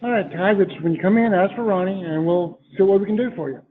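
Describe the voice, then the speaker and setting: A man, a sales trainee, doing phone role-play practice with rapid, eager sales patter. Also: high voice. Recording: tinny phone-like line.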